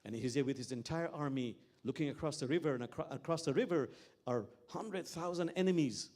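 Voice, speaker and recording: A man's voice: on the high side, fairly quick, a little mellow. A man, an imam, giving a reflective sermon with stories and repeated key phrases. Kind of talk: sermon with storytelling.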